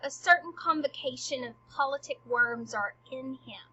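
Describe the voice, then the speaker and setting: A woman reading the part of a clever, mocking young prince in a husky voice. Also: sits high, moderate pace, pushed and bright, full character voice. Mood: sly. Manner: reads verse aloud plainly. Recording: dull lo-fi recording.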